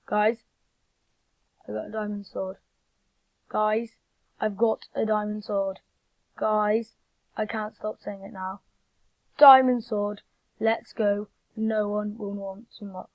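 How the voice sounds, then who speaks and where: Excitable woman gamer, gravelly lo-fi voice. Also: medium pitch, slow pace, long pauses, dry recording. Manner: excitable, talks straight to viewers. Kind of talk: live gameplay commentary.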